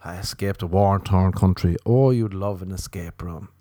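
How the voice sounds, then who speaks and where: Low-voiced guy riffing crude comedy, jumps to squeaky mocking voices, dry close sound. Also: moderate pace, hardly any pauses, dry recording. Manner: animated, jumps into high mocking voices for quoted people. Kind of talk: rambling comic monologue.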